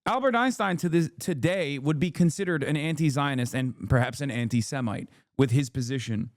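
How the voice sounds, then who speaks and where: A man streaming a reaction video, talking loosely and profanely, with many fillers and lively jumps when he quotes people. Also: mid-range voice, a little fast, no echo, clean studio sound. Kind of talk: casual reaction commentary.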